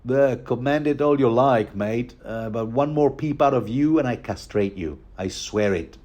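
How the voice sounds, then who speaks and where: A man's voice: mid-range voice, normal speed, a little mellow, dull audio, lightly acted. A man voicing a drunk, witty dwarf lord who mumbles blunt threats and self-mocking jokes. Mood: threatening.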